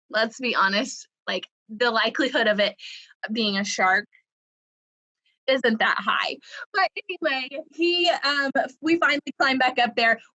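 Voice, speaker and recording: A woman's voice: a little high, sharp tone, no room sound, low-quality recording. A young woman from the American South, telling a funny personal story in a chatty way, full of "like" and laughing as she goes. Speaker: creative writing coordinator. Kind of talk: casual storytelling.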